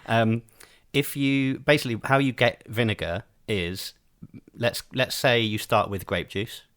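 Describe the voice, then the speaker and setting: A man's voice: mid-range voice, steady tone, a little slow, fairly bright tone, clear, resonant tone, no echo, clean studio sound. A man co-hosting a podcast, chatting casually and hesitantly with many ums. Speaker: podcast co-host. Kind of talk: casual chat.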